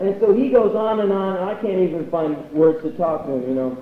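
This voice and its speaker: A man's voice: sits high, brisk, far from the mic, crowd noise. Sardonic young man on a live stage. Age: 20s. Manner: profane, sardonic, deadpan. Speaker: spoken-word performer. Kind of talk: live spoken-word storytelling. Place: university hall stage. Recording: echoey hall, lo-fi bootleg tape.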